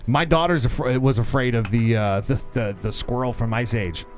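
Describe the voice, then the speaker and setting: A man in his thirties co-hosting a podcast in a studio, a lively storyteller who swears freely and acts out the voices in his stories. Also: mid-range voice, normal speed, soft background music. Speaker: podcast co-host. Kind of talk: casual chat.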